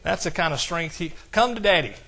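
A man delivers an exuberant church sermon. His voice sits slightly high and sounds bright and forceful. He bursts into shouts of praise and slows to a deliberate, emphatic pace when reading scripture. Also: animated, creaky. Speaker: pastor.

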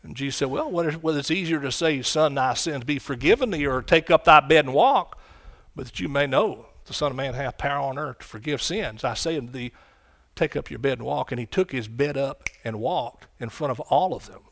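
A man preaching a sermon, swinging from quiet, low lines to loud, shouted ones. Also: a little fast. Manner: impassioned, rising to shouts and dropping low.

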